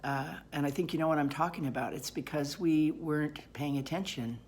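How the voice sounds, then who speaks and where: Low-pitched woman recounting a personal story, lively and rambling, frequent ums. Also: fairly quick, a little hiss or hum. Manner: animated, rambling retelling with many fillers. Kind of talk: personal story told aloud.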